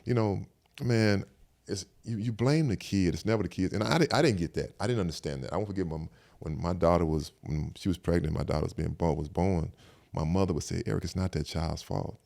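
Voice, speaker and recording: A deep, gravelly older man with a Southern American accent talks quickly through a personal story. He speaks in a relaxed, reflective way, and keeps stacking "I said" as he replays old conversations. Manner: reflective, repeats "I said" while retelling conversations. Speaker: podcast guest. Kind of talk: casual storytelling chat.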